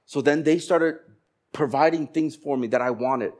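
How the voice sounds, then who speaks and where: A man in his forties, from Korea, preaching a sermon and telling stories with animated voices for the people in them. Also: fairly high pitch, normal speed. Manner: animated storytelling, acting out dialogue. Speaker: pastor.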